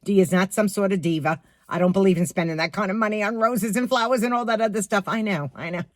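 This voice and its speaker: A woman's voice: mid-range voice, quick pace, no echo. Chatty New York woman with a cold. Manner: opinionated, chatty, talks to viewers as friends. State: stuffy with a cold. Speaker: vlogger. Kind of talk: casual chatty vlog.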